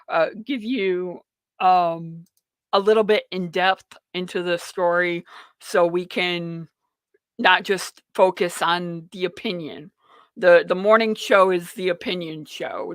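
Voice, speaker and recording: A male talk radio host speaking slowly and deliberately in a dry, close studio sound. He rambles through his news commentary with plenty of ums and uhs, sounding blunt and opinionated. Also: sits high, sharp tone, no echo.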